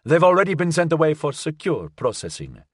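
A man's voice: a little high, big pitch swings, fairly quick, husky, no echo, studio quality, voice pushed up. A man reading an audiobook, voicing a slick, condescending male official who coolly needles the woman he questions. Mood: smooth.

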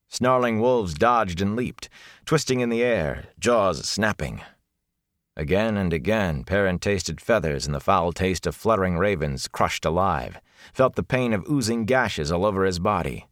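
A male audiobook narrator with a very low, deep voice, reading fantasy prose in a steady, measured way. The recording is close and completely dry, with no room sound. His delivery lingers over the grim images. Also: no echo.

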